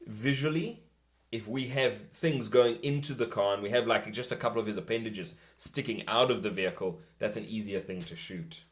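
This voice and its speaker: A man co-hosting a filmmaking podcast, thinking aloud with halting restarts while brainstorming. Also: fairly low pitch. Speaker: filmmaker co-host. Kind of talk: casual brainstorming.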